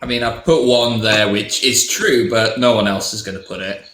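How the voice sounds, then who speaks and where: A man playing a party game and chatting casually, playfully contrary and quick to laugh at his own takes. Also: lowish voice, pushed and bright. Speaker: game player. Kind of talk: casual chat. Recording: echoey room.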